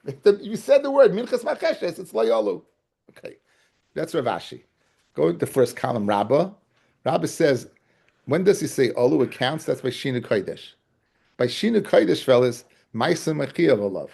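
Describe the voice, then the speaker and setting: Gravelly, husky-voiced male Talmud teacher. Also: medium pitch, animated, moderate pace, a little mellow. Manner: keeps checking his class understands, calls them guys and fellas; repeats key phrases and restarts to drive points home. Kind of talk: Talmud study lecture.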